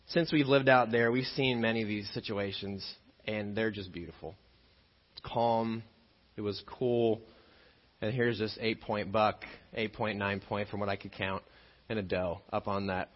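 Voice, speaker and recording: Guy pastor preaching, animated storyteller, jokey, muffled lo-fi audio. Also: on the low side, in a large hall. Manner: animated, joking storyteller who acts out scenes. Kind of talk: sermon with personal storytelling. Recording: dull lo-fi sermon recording.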